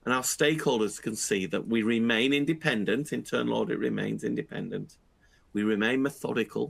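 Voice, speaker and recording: A man giving a measured explanatory talk on audit planning, pausing with fillers and restarting phrases as he goes. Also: mid-range voice, gravelly, breathy edge. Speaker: internal audit speaker.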